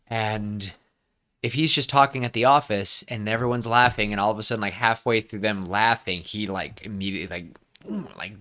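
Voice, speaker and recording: A man in his twenties co-hosting a podcast, brainstorming in a rambling, excitable way with lots of restarts. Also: on the low side. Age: 20s. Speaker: podcast co-host. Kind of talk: casual brainstorming chat.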